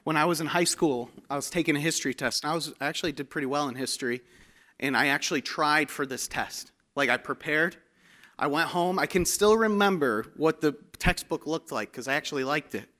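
A man preaching a sermon, telling stories with humor and animated delivery. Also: a little high, a little fast.

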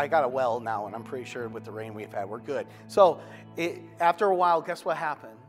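A man's voice: mid-range voice, big-room sound. A man preaching a sermon as a pastor, in a conversational way with folksy asides and self-deprecating humor.

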